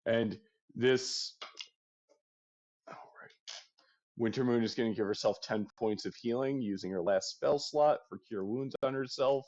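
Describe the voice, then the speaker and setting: A man narrating as game master in a tabletop game, in a halting, casual manner full of fillers. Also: medium pitch, darkish tone, lo-fi sound.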